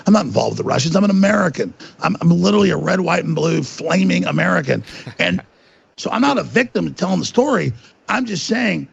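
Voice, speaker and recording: Gravelly, ranting man with lively pitch. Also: lo-fi sound. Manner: ranting, indignant, emphatic. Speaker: guest. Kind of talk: heated interview talk.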